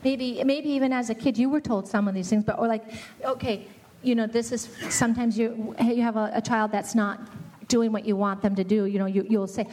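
High-voiced middle-aged lady teaching families, earnest, acts out parents and kids. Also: steady tone, a little fast, darkish tone. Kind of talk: family ministry talk.

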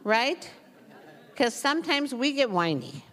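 A woman's voice: sits high, big pitch swings, slow, a bit bright. Folksy woman teaching scripture in a hall. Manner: folksy, chatty, laughs often, reads scripture aloud. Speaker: Bible teacher. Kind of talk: informal Bible teaching. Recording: long hall reverb.

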